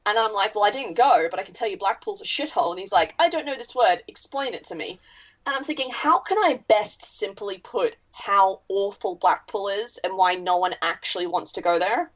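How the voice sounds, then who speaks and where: Aussie woman co-hosting a podcast, blunt and wry, mid pitch, kinda dull lo-fi sound. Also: fairly quick, hardly any pauses. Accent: Australian. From Australia. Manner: blunt, wry, swears casually. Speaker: podcast co-host. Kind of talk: casual podcast chat.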